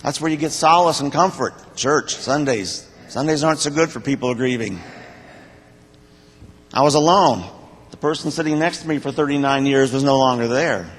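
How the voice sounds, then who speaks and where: An older man giving a personal testimony to a church congregation, speaking in a plain, halting, heartfelt way. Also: mid-range voice. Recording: long reverb of a church hall.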